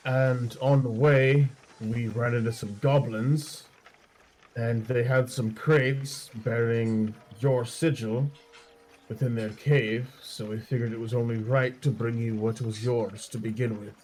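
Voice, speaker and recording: A man's voice: mid-range voice, steady tone, unhurried, darkish tone, a little hiss or hum. A man playing in a tabletop game, speaking casually and hesitantly. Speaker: player.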